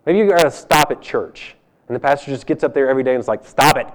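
A male pastor preaching a sermon with emphatic, swinging delivery, from loud urging to hushed asides. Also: mid-range voice, expressive, quick pace.

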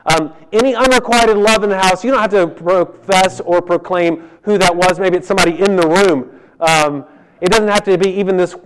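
A man in his thirties preaching, telling a funny personal story that swings between loud and hushed delivery. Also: high-pitched, normal speed, clean tone. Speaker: pastor. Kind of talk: sermon. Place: church hall.

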